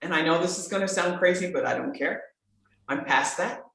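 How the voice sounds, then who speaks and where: Woman voice coach, emphatic and animated, lower-pitched voice, heavy room echo. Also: a little fast, vocal fry. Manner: animated, emphatic, swings between bright exclamations and soft earnest asides. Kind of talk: enthusiastic conversational podcast talk. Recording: very echoey room.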